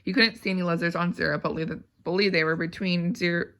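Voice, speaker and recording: A woman reads a novel aloud at a steady pace, with small slips and restarts. Her voice has a gravelly edge. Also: on the low side, quick pace. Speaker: audiobook reader.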